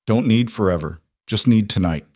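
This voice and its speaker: A quietly tough cowboy speaks in a calm, level way, as a male narrator reads him. The voice is low and even, and the recording is close and dry. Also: moderate pace, no room sound, close to an everyday voice.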